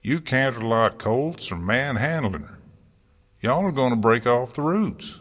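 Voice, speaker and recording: A man's voice: mid-range voice, lively intonation, measured pace, big-room sound, voice pushed up. Applejack, a man doing a hot-tempered country mare. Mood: fretful. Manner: barking, folksy, cooing when soft.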